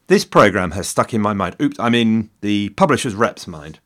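English man in his fifties, solo history podcast host, wry, self-mocking, swooping animated delivery. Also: on the low side, normal speed. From England. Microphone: studio mic in a shed.

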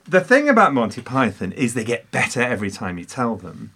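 Animated, theatrical man. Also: medium pitch, fairly quick. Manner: theatrical, emphatic, teasing. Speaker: podcast co-host. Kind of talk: casual film discussion.

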